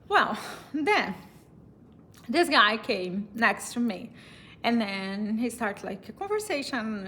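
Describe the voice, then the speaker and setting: Bright-voiced Brazilian woman telling a story. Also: medium pitch, slight background noise. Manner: chatty, laughs often, many fillers and restarts. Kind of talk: casual storytelling.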